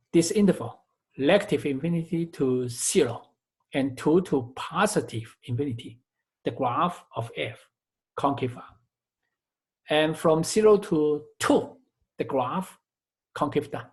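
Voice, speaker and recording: A man teaching a recorded math lecture, working through each step methodically and often repeating or correcting his phrases. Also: fairly high pitch. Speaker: math instructor.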